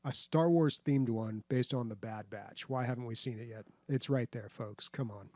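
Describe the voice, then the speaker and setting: A man's voice: medium pitch, normal speed, darkish tone, dry recording. A man co-hosting a casual gaming podcast, talking in an easygoing way and addressing listeners as folks. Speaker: podcast co-host.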